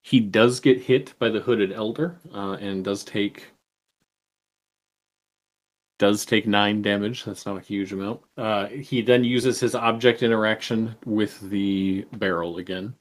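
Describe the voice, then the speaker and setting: Man, game master, low voice, slow measured delivery, calm rule explanations. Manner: measured, explains rules with fillers. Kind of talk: running a tabletop game.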